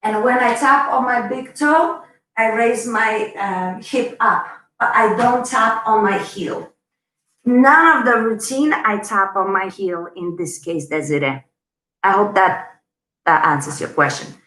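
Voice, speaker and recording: A woman's voice: medium pitch, unhurried, sharp tone, echoey room, rough recording. A woman teaching a live online dance lesson, chatty and bubbly, counting the beats aloud as she goes. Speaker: dance instructor.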